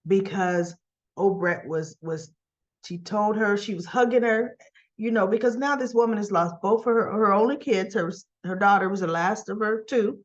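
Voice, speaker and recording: A woman's voice: medium pitch, normal speed. A woman giving a casual recap of a soap opera episode, telling it in an emotional, rambling way and acting out the dialogue. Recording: dull lo-fi sound.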